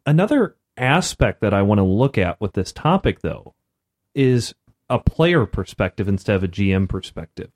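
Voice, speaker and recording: A man co-hosting a casual podcast chat about role-playing games, telling stories with lively asides. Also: fairly low pitch, moderate pace. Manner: animated storyteller, slips into mock voices. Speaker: podcast co-host.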